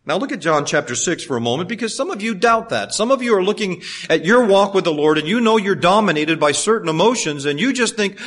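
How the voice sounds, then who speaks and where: A man preaching with a slightly raised pitch and a lively, swooping delivery. His sermon swings between loud emphasis and hushed, low asides. He drops in folksy, humorous stories along the way. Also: fairly quick, hardly any pauses. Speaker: pastor.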